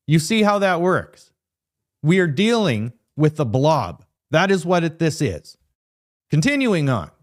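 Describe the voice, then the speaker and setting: A male host delivering opinionated news commentary with a lively, swooping voice that rises and falls constantly. He sits a little higher in pitch than most men and rants with sarcastic asides. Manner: emphatic, ranting, sarcastic asides.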